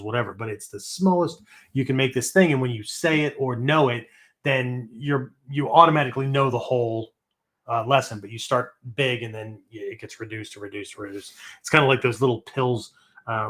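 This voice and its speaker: A man's voice: medium pitch, fairly bright tone. Rambling man teaching with "right?" tags. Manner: rambling, filler-heavy, frequent "right?" tags; blunt, mild swearing. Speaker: podcast host teaching esoteric Buddhism. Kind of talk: casual spoken teaching.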